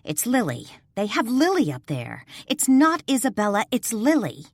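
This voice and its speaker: A woman's voice: fairly high pitch, huge pitch swings, normal speed, no room sound, pitched above the performer's own voice, exaggerated voice. A woman voicing a panicked, pleading heroine.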